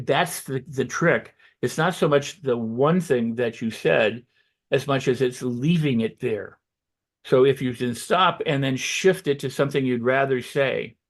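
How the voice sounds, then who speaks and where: A man giving motivational self-help advice as a guest, talking loosely and acting out excited self-talk in quick quoted asides. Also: medium pitch. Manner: loose and conversational, with restarts and "you know". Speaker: guest on a holistic health show.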